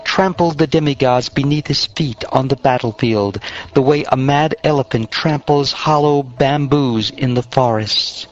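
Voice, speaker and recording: A man's voice: mid-range voice, a little hiss or hum. Man narrating scripture, dull recording. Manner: measured, solemn reading. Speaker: audiobook narrator. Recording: dull lo-fi audio.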